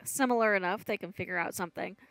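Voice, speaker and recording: A woman playing a tabletop role-play game, calm and measured. She describes her character's actions in a plain mid-range voice. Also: medium pitch, no room sound, soft background music. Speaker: player.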